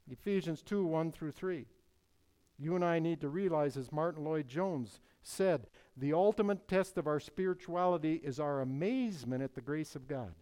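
Guy preaching, slightly high voice, hammers phrases over and over, deliberate. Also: warm tone. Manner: emphatic, slow and deliberate, repeats key phrases. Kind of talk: sermon.

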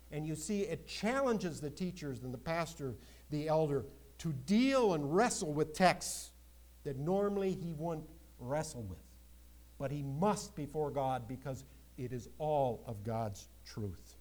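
A man preaching a sermon, swinging between loud emphatic exclamations and quieter asides. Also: on the high side, lively intonation, a little slow, rough recording. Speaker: pastor.

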